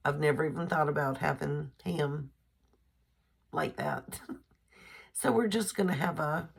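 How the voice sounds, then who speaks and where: Older woman vlogger, low husky voice, unhurried homespun chat. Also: sing-song. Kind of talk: casual chat.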